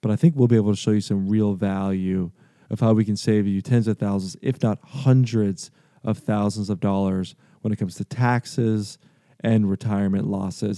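A middle-aged man hosting a radio talk show, with a low, mellow voice. He makes his pitch in an earnest, repetitive, salesy way. He sounds dry on a studio mic, with faint music under him. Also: fairly even intonation, normal speed, no echo. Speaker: radio show host and financial advisor.

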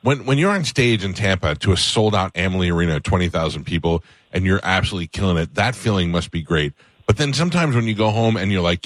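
A man's voice: deep voice, animated, fast, dry recording. A man hosting a radio show, joking and chatting with a guest in a chummy way. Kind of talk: casual radio banter. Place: radio studio.

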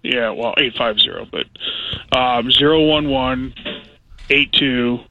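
A man's voice: medium pitch, slow pace, pushed and bright. A man calling in to a radio show, politely and carefully spelling out numbers. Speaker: caller. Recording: phone line call.

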